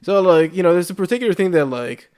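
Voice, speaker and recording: A man co-hosts a loose podcast conversation, his voice sitting a little high. He rambles, restarting thoughts and filling gaps with "like.". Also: expressive, fast, a little mellow. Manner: rambling, heavy use of "like", frequent restarts. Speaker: podcast co-host. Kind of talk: casual chat.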